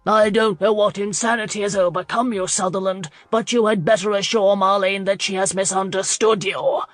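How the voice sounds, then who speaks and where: A woman's voice: lowish voice, fairly even intonation, a little slow, fairly bright tone, no room sound. A woman reader voicing a furious older earl who roars and blusters. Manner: angry, blustering delivery.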